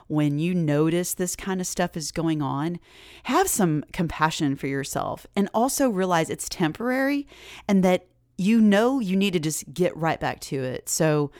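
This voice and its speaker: In a casual solo episode, a woman hosting a fitness podcast talks in a lowish voice. She is chatty, animated and encouraging, and she uses many fillers. The studio sound is clean with no echo.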